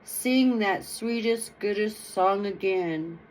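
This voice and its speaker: A woman voicing a big, gruff male wolf in a storybook read-aloud, low and slow. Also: a little hiss or hum, close to an everyday voice, low-quality recording. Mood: coaxing. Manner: slow, drawn-out, coaxing.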